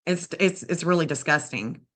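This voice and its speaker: A woman's voice: low voice, normal speed, fairly bright tone. Blunt woman in her fifties. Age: 50s. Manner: blunt, indignant, scolding. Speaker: true crime streamer. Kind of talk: casual livestream commentary.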